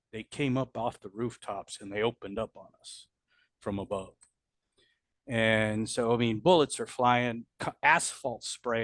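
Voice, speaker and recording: A middle-aged combat veteran with a mid-range voice recounts his war memories in a candid storytelling interview. He's blunt and profane and restarts often. There's no room sound.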